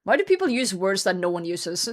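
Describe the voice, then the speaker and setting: A woman's voice: medium pitch, sing-song, a little fast. A woman streamer chatting casually and reading a story aloud, breaking in with blunt, profane commentary and frequent laughter. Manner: blunt, swears often, laughs through her reading.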